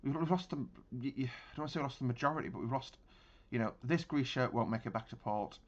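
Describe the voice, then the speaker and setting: A man's voice: mid-range voice, fast talker, lo-fi sound. A man giving casual gameplay commentary on a naval battle game, thinking aloud with frequent restarts. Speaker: gaming channel host.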